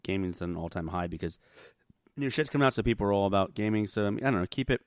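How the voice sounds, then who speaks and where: Tipsy, foul-mouthed male co-host with a lively, swooping delivery. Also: on the low side, rapid-fire, no echo, clean studio sound. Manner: profane, animated and joking. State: tipsy from drinking. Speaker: podcast co-host. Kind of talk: casual chat.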